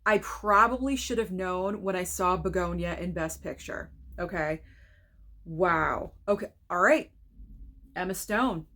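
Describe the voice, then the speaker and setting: A woman film reviewer talking casually to camera, excitable and gushing, with frank opinions. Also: fairly low pitch, unhurried. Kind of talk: casual reaction video.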